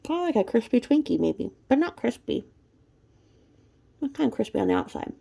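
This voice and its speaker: A woman's voice: fairly high pitch, very animated, a little fast, gravelly, warm tone, husky. A woman talking in a profane, mocking gossip commentary vlog, snacking between remarks. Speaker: vlogger.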